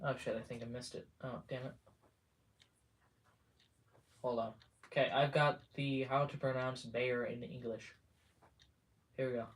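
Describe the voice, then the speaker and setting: A man chatting casually on a live stream, rambling and halting, muttering to himself and trailing off between thoughts. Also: medium pitch, flat delivery, husky. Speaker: livestreamer.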